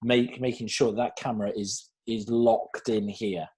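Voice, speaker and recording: Animated British man giving casting advice. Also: lowish voice, measured pace. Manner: animated storyteller who acts out quotes, many restarts. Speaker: casting director. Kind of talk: casual Q&A advice.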